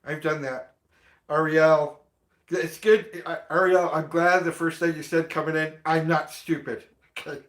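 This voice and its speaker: A man's voice: a little high, steady tone, unhurried, roomy sound. A man hosting a casual morning livestream, chatting in a rambling way and greeting viewers by name. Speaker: livestream host.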